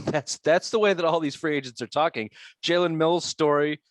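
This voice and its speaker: Higher-voiced man hosting sports talk. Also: fairly even intonation, moderate pace, no echo, clean studio sound. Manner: joking, laughing, swears freely. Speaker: sports podcast host.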